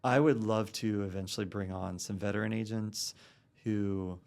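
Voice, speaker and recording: Gravelly low-voiced man, rambling. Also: steady tone, moderate pace, a little mellow. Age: about 40. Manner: rambling, many fillers and restarts. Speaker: guest, real estate broker. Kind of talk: casual podcast conversation.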